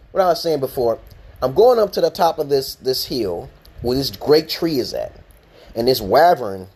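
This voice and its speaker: A husky-voiced man chats casually on a livestream. He rambles through a profane story, restarting his sentences often, at a middle pitch. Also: a little mellow. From Brooklyn, New York, USA. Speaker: livestream host.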